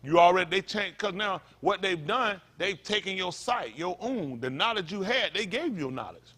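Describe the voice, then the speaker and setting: A pastor, preaching a sermon in a repetitive, emphatic manner that rises to loud peaks. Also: male voice, high voice, lively intonation, normal speed, few pauses, husky.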